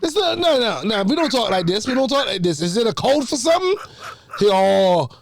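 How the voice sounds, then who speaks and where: A man from Jamaica with a Jamaican accent, a podcast guest telling a story in an animated, exasperated way. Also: extremely high pitch, brisk, creaky, a little hiss or hum. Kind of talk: casual storytelling.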